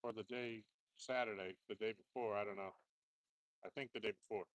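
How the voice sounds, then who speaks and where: A man co-hosting a casual live stream from a lake dock, giving short relaxed replies and chiming in. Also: lowish voice, moderate pace, no echo. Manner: laid-back, short replies and easy laughs. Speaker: co-host.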